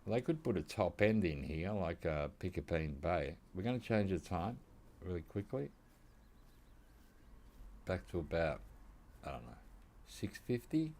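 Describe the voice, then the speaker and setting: A man's voice: sits low, expressive, a little slow, pauses often, warm tone. An Australian man casually commenting on his hunting game, joking with chat and talking to the animals. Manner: joking, chatty, talks to the animals on screen. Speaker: gaming streamer.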